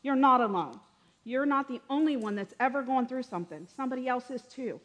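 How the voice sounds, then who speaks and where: A woman's voice: high-pitched, expressive, a little fast, a bit bright. A woman leading church announcements and prayer in a chatty style, with frequent amens. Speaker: church leader.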